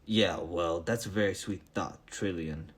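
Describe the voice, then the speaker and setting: A man's voice: low-pitched, a little slow, slightly rough. A man reading aloud, voicing a conceited male spaceship captain who complains irritably. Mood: irritable.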